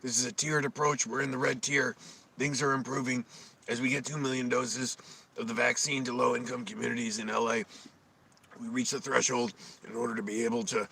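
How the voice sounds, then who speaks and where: A man doing an impression of a middle-aged male politician, measured and halting with filler sounds, in a scratchy voice. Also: medium pitch, little pitch movement, creaky, pushed and bright, slightly rough, exaggerated voice. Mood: reassuring.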